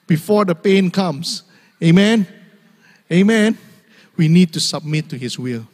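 A man's voice: sits high, lively intonation, measured pace, long pauses, darkish tone, in a large hall. A young man preaching a humorous sermon, laughing often and mimicking voices in asides. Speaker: pastor.

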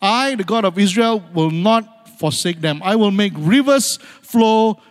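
A man preaching a sermon, swinging from loud urgent passages to hushed, near-whispered lines and repeating phrases for emphasis. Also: high-pitched, animated, a little slow. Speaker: pastor. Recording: long hall reverb.

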